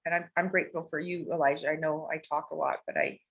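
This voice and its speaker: A woman's voice: low voice, fairly even intonation, fast, vocal fry, poor audio. A woman telling personal stories as a podcast guest, rambling, emotional and confessional, with casual swearing. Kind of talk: candid personal storytelling.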